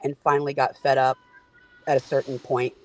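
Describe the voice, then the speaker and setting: A man's voice: mid-range voice, level tone, fairly quick, low-quality recording. A man calling in to a livestream, explaining his point in a chatty, casual way. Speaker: caller. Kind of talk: casual call-in chat.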